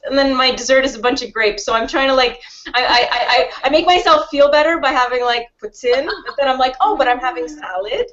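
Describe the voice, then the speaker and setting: A woman's voice: high voice, fairly even intonation, brisk, a bit bright, muffled recording. A woman chatting on a video call in a giggly, self-deprecating way. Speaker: participant. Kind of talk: casual chat.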